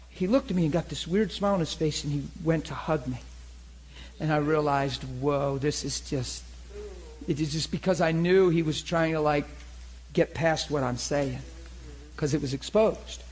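A man preaching to a crowd at a church meeting, telling a story in an animated way and acting out the voices in it. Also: a little high, slightly rough, rough recording. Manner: animated, laughing, acts out voices in his story. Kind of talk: storytelling sermon.

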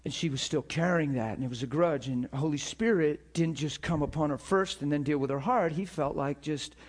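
A man preaching a sermon, telling stories in an animated, emphatic way and acting out the people he quotes. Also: on the high side, fairly quick. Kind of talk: sermon storytelling.

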